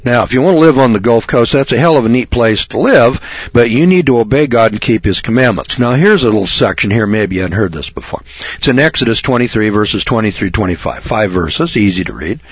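A man's voice: on the low side, expressive, breathy edge, dry recording, muffled recording. Male preacher, brimstone sermon, blunt, mocking, rambling, dry close sound. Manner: reads scripture slowly and deliberately. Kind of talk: fire-and-brimstone radio sermon.

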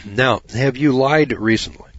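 A man's voice: mid-range voice, unhurried, fairly bright tone, a little hiss or hum. A man giving a folksy, preaching talk, rambling, repeating "you know" and putting questions to his listeners. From United States. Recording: dull dry lo-fi recording.

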